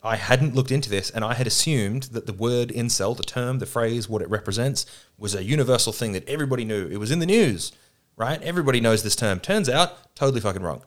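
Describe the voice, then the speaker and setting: A film producer sits around a table with two others on a podcast, swearing freely and acting out quotes as he tells stories. His mid-range voice has lively intonation and a quick pace during the casual chat.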